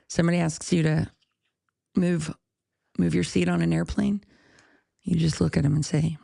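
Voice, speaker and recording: Podcast host, woman, low gravelly voice, blunt and profane, dry close sound. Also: steady tone, moderate pace, long pauses, warm tone, no room sound. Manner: blunt, profane, laughs at her own jokes. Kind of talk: casual ranting monologue.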